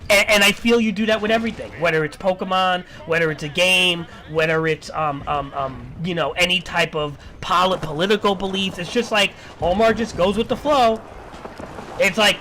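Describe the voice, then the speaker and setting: A man's voice: high-pitched, animated, a little fast, bright, forceful tone, a little hiss or hum. A man streaming, ranting in a lecturing, repetitive and profane way. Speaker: livestreamer. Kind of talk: casual stream rant.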